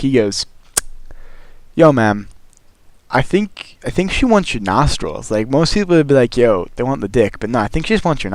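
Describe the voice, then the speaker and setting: Animated young man telling a story. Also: a little high, dry recording. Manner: animated, exasperated, profane, acts out quotes. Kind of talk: casual storytime monologue.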